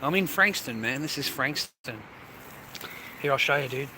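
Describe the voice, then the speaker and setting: A man's voice: medium pitch, animated, normal speed. A young man with an Australian accent, livestreaming from an outdoor city street and talking to his viewers in a laddish, swearing way. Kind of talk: live street-stream commentary. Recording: loud street traffic noise. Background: traffic and street ambience.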